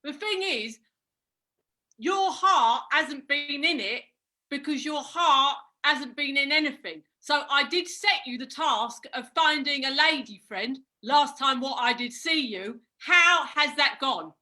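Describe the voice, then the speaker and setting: A woman's voice: high voice, takes it slowly, bright, forceful tone, heavily acted. A woman playing a brash blind boxing coach. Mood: advising. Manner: barks boxing patter and count-downs, calls everyone mate. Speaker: improv performer. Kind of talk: improvised comedy sketch.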